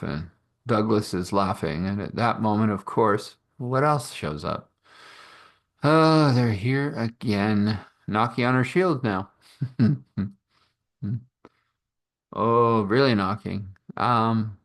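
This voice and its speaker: A man with a low voice tells an improvised story at a very slow pace. He rambles, chuckles to himself and fills gaps with ums. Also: lively intonation, a bit bright. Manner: rambling, chuckling, with many fillers.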